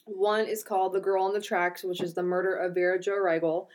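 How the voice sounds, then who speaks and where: A woman co-hosting a podcast, chatting casually and telling a true crime story, joking and swearing, often clearing her throat. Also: fairly low pitch, level tone, brisk, darkish tone. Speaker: podcast co-host.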